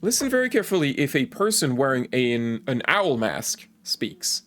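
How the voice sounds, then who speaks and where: A man's voice: mid-range voice, big pitch swings, normal speed, fairly bright tone. A man streaming a game, reading its text aloud, stumbling over foreign words and breaking off for joking asides.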